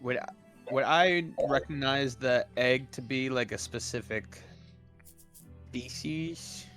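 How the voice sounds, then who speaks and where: A man's voice: medium pitch, takes it slowly, a bit bright, faint music behind. A man playing a tabletop role-playing game who chats casually and jokes around with the group. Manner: joking, playful banter. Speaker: player.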